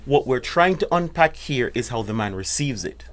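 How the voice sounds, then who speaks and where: A man's voice: medium pitch, lively intonation, moderate pace, fairly bright tone. A man hosting a relationship talk, insistent and cutting in to explain his point.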